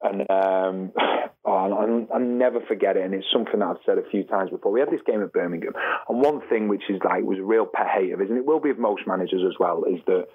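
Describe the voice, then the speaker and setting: A husky-voiced former footballer talks at a quick pace on a podcast, sharing dressing-room anecdotes. He gets animated, imitating the people he quotes as his pitch rises, and the sound is like a phone line.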